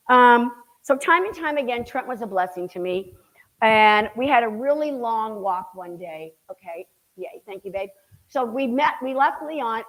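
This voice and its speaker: A middle-aged woman giving a casual slide talk to an audience, chatty and animated, acting out quoted voices as she tells a story. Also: a little high, poor audio.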